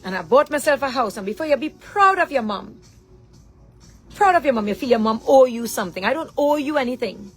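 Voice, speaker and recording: A woman's voice: high voice, lively intonation, brisk, slightly rough, faint music behind, low-quality recording. A middle-aged woman, speaking as a mother in an angry direct-to-camera rant. She is confrontational and keeps throwing rhetorical questions. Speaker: mother addressing her daughter.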